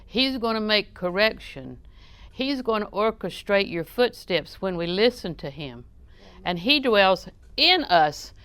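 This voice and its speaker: Chatty woman preaching with a smooth voice. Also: medium pitch, lively intonation, a little slow, a bit bright, no room sound. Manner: conversational and joking, questions the audience. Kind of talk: sermon.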